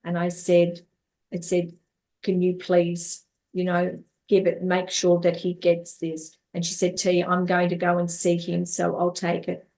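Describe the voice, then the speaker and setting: Interviewed as a guest, a female life coach and therapist recounts life stories, acting out quoted dialogue and repeating words. She speaks at a measured pace in a lowish, darkish voice with vocal fry and a completely flat delivery.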